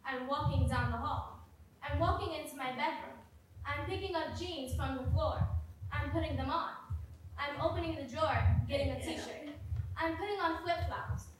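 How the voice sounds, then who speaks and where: Bright high woman on an echoey stage. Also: moderate pace, noisy background. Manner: narrating her own actions step by step, urgent at times. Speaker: stage actor. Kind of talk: live theater monologue. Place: theater stage. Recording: echoey hall, far from mic.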